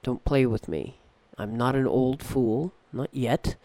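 A narrator doing a boastful male pest controller, low voice, gravelly, wry, deadpan. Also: slow pace, no echo. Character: scowling bragging male pest controller, middle-aged, bald.

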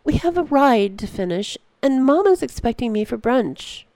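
A narrator voicing an impatient young girl on a bike, calling out in a raised, high voice. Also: very animated, moderate pace, a little mellow, no room sound, low-quality recording.

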